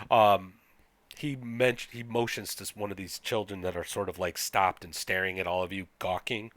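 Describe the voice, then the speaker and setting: A man's voice: low voice, fairly even intonation, moderate pace, fairly bright tone, a little hiss or hum. A man narrating a tabletop game as game master, hesitant and full of fillers. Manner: hesitant, many fillers, reads aloud.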